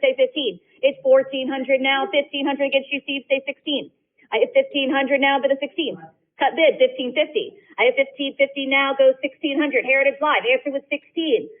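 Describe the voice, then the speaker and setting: A woman calling bids at a live auction, brisk and insistent, with cheerful asides between lots. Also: high voice. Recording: tinny phone-like livestream audio.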